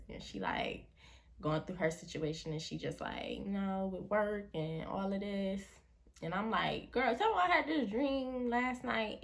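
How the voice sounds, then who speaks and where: A woman's voice: lowish voice, creaky. A young woman vlogger casually telling a personal story in slangy speech, acting out the voices of the people in it. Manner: slangy, animated retelling with quoted voices.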